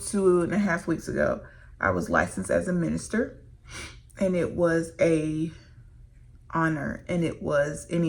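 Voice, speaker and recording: A woman speaking to her viewers with earnest, emotional candor as she shares a faith testimony. Her low voice has a gravelly, creaky edge, and she talks to them warmly as "y'all.". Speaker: licensed minister and vlogger. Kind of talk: candid faith testimony to camera.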